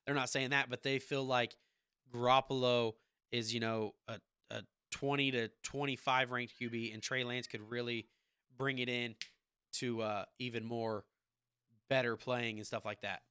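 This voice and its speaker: A man in his thirties hosting a casual sports podcast from his home basement, rambling in an animated fan's way. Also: mid-range voice, normal speed, smooth, no echo. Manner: rambling, animated football fan. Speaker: podcast host.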